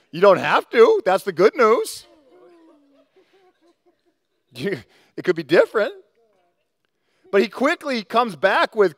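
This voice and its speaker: A male pastor preaches with a fairly high voice, swinging between hushed earnest moments and bright, lively asides. He talks to the congregation conversationally, and the sound is dry and close. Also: slow, pauses often, no echo. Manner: animated, conversational, acts out quotes. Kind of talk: sermon. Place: church sanctuary.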